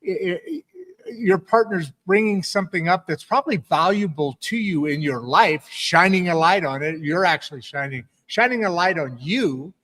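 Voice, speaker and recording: Halting, somewhat high-voiced male host. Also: animated, fairly bright tone. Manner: halting, repeats words, enthusiastic agreement. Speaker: podcast host. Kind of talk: casual interview.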